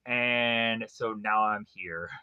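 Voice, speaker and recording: A man's voice: lowish voice, extremely slow, clean tone, muffled recording. A man reviewing a TV series in a rambling casual way, looping back through fillers and restarts. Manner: meandering, heavy use of fillers and restarts. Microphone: tablet recording.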